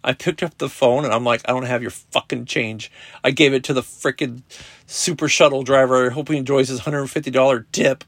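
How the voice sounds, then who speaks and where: A middle-aged man hosting a podcast, telling a personal story in a casual, profane, animated way with lots of quoted dialogue. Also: mid-range voice, a little fast, no room sound. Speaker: podcast host. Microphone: podcast app recording.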